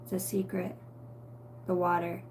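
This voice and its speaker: A woman giving a rambling spiritual tarot reading, excitable and swearing constantly in a stream-of-consciousness flow. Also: on the low side, a little slow, distant mic, a little hiss or hum. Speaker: tarot reader.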